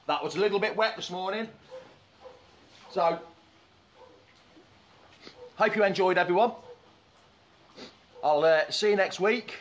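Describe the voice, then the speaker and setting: A man's voice: sits high, unhurried, pauses often, a bit bright. A man hosting a casual live fan stream outdoors beside a swimming pool, chatting loosely and greeting viewers by name as their comments come in. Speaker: fan show host. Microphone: phone or camera set up by the pool.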